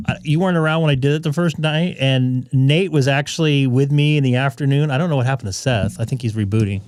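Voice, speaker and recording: A man's voice: mid-range voice, fast talker, darkish tone, dry recording, clean studio sound. A man from California hosting a ham radio live stream, talking casually with lots of fillers. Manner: chatty, loose, many fillers. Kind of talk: casual on-air chat.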